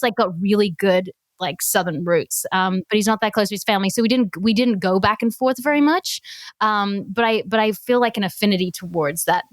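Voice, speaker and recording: A woman who co-hosts a podcast and tells stories in a laughing, animated way. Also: medium pitch, dry recording. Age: adult parent. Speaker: podcast co-host. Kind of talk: casual podcast chat.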